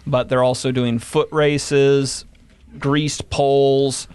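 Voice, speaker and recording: Speaking slowly and flatly in a smooth, slightly mellow mid-range voice, a guest historian explains history on a podcast and reads from old newspapers, using some fillers. The recording has no room sound.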